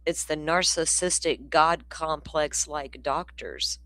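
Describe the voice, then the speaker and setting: A woman's voice: low voice, slow pace, bright, forceful tone, dry recording. A woman hosting a casual livestream, talking bluntly and profanely in a rambling way while she keeps yawning. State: yawning, sleepy. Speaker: livestream host.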